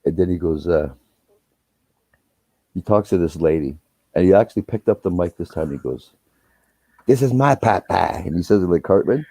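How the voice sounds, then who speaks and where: A man's voice: low-pitched, fairly quick, long pauses, dry recording. A man casually telling rambling, profane family stories on a live stream. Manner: profane, rambling, animated when retelling quarrels. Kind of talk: casual storytelling chat. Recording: dull, muffled audio.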